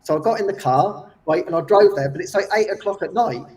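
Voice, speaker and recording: A man telling a personal story in casual chat, animated and laughing often as he acts out quotes. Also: high voice, fairly quick. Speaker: guest. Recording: distant from the mic.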